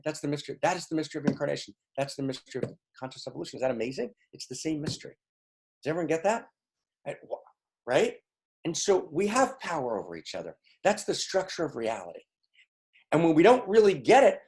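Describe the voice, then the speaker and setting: A man teaches spiritual ideas on a video call, his fairly high voice swinging widely in pitch. He speaks emphatically and keeps checking in with his listeners with "right?" and "okay?". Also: darkish tone. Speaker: teacher leading an online session.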